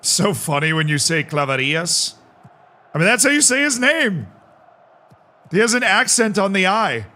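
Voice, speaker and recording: A male streamer talks his chat through a football management match with quick, excitable reactions and jokes. His voice is bright and forceful and sits a little high for a man. His delivery is animated. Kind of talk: live gameplay commentary.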